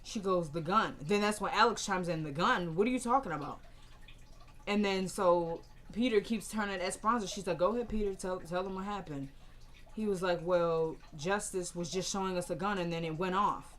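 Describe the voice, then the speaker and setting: A woman recapping a TV episode in casual chat, chatty and opinionated, quoting the characters' lines and turning to her viewers with asides. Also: lowish voice. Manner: chatty, acts out characters' lines in quick bursts.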